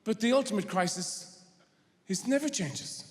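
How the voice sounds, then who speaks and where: Rambling Irish comedian with a high voice. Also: male voice, expressive. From Ireland. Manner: rambling, halting, bursts into shouted rants. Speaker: stand-up comedian. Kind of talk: stand-up comedy. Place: large theatre stage. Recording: live theatre with long reverb and audience noise.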